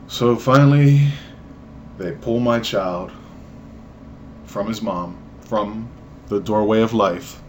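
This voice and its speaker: A young man vlogging at home, telling a story with animated delivery and acted-out voices. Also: slight background noise. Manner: animated, acts out voices, jumps high in pitch for emphasis.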